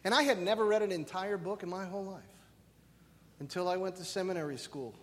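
A male pastor preaching a lively, conversational sermon, often checking in with "right?". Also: high voice, fairly quick. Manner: animated, conversational, keeps asking "right?". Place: church sanctuary. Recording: reverberant hall.

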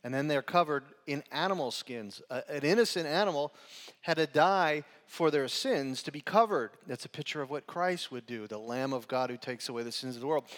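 A man's voice: medium pitch, fairly bright tone. A man preaching a sermon as pastor, talking in a conversational way and often checking in with "right?". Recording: long hall reverb.

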